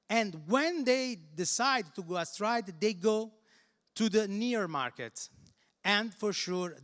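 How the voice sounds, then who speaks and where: High-voiced Italian man presenting in a hall. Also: a bit bright. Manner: halting, repeats words while searching for English phrasing. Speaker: conference speaker. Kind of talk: conference presentation. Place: large conference hall. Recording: reverberant hall.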